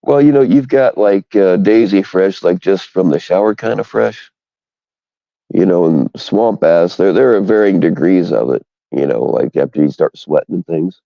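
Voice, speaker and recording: A man's voice: low voice, normal speed, gravelly, dry recording, highs cut off. A man hosting a livestream, rambling through crude jokes in casual chat with his viewers. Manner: rambling, bawdy, joking. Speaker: livestream host.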